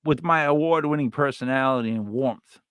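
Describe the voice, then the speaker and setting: A man hosting a live stream, chatting casually and telling stories with lots of restarts and sudden loud yells. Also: medium pitch, brisk, clean tone, dry recording, studio quality. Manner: rambling storyteller with many restarts, bursts into loud yells. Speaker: livestream host.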